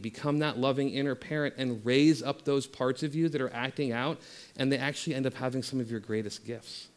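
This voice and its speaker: A man giving a spiritual talk that moves from passionate teaching into a soft, slow guided meditation. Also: mid-range voice.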